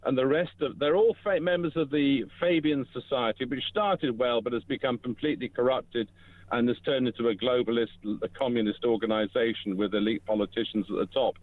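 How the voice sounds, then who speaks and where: A man's voice: medium pitch, brisk, dry recording. Male caller on a tinny phone line. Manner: rambling, with false starts. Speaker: radio caller. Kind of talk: phone-in call.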